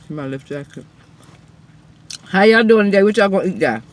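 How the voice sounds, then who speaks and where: A woman's voice: mid-range voice, expressive, fairly quick, a little hiss or hum. A woman hosting a mukbang eating show from her car, chatting casually to viewers between bites, often murmuring approval and a little out of breath. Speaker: mukbang host.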